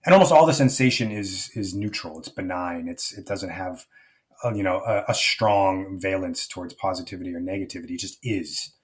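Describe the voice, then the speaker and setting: A man with a low-sitting voice speaks briskly as a life coach guest on a podcast interview. He's reflective and rambling, with many fillers and restarts.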